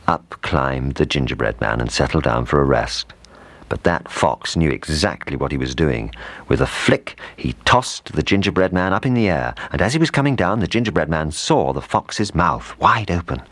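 A man reading a children's storybook aloud, in an animated, expressive way. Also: very deep voice, moderate pace, no room sound. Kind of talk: storybook narration.

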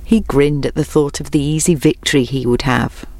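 A woman's voice: low-pitched, fairly even intonation, fairly quick, a little mellow, dry recording. Woman narrating a storybook, dry and close.

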